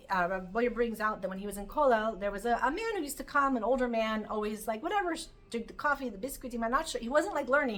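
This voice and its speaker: A woman teaching a Torah class, telling stories in an animated way and mixing in Hebrew terms. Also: on the high side.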